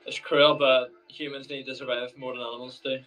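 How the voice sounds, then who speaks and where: A man's voice: mid-range voice, little pitch movement, fairly quick, fairly bright tone. A man talking to a stranger over a video chat in a laid-back, slangy way. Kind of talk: casual video-chat talk. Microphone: video call. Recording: dull video-call audio.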